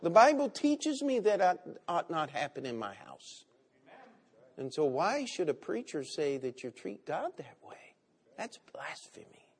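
A man preaching a sermon, with big swings between loud and quiet. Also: a little high, sing-song, a little slow, breathy edge. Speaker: pastor.

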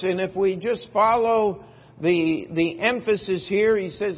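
Guy pastor preaching slow in a big echoey church, kinda dull muffled recording. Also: sits high, husky. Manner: emphatic preaching, rising for scripture quotes. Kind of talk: sermon. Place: church sanctuary.

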